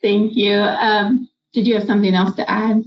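A woman's voice: medium pitch, level tone, moderate pace. Woman panel moderator, friendly and inviting, dull-sounding recording. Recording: dull lo-fi audio.

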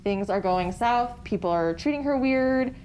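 A woman's voice: on the high side, expressive, normal speed, a little mellow, slight background noise, poor audio. A woman co-hosting a casual book chat, chatty and giggly, with lots of fillers. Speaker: podcast co-host.

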